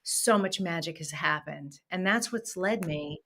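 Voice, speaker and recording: A woman's voice: fairly low pitch, a little slow, fairly bright tone. Woman podcast guest, a coach, sharing her journey in an earnest, emphatic way. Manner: earnest and emphatic, with shifting pace. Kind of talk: personal storytelling interview.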